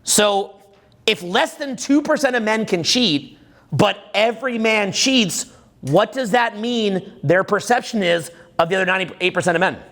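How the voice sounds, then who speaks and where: Speaking a little slowly in a high-sitting voice, a dating coach in his forties addresses a live seminar from the stage. He swears, stays animated and conversational, and keeps tossing out "right?" to check in.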